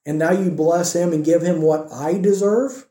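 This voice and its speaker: A man's voice: on the high side, normal speed, warm tone, echoey room, lightly acted. A man voicing a resentful, self-righteous older brother, a young man airing indignant, self-justifying complaints. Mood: aggrieved.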